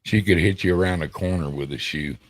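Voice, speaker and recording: A man's voice: low voice, fairly quick, no room sound. A middle-aged man, telling rambling family stories in casual stop-start chat on a podcast. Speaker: podcast co-host.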